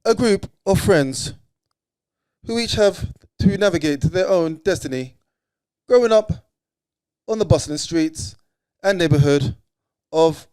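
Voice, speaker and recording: A man's voice: high voice, animated, unhurried, long pauses, darkish tone, smooth, voice pushed up, rough recording. A man putting on a stiff robotic assistant voice, reading a synopsis with over-careful delivery. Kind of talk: mock text-to-speech reading.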